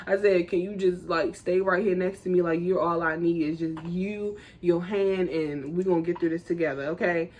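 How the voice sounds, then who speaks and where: A woman's voice: fairly low pitch, moderate pace, few pauses, highs cut off, slight background noise. Chatty young woman telling a story. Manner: chatty, animated, lots of "like" and "y'all". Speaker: vlogger. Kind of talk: casual storytime.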